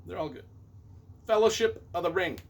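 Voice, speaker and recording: A man's voice: high-pitched, expressive, normal speed, a little hiss or hum. A middle-aged man, a novelist and movie reviewer, rambling enthusiastically and correcting himself as he counts down his favorite films on camera.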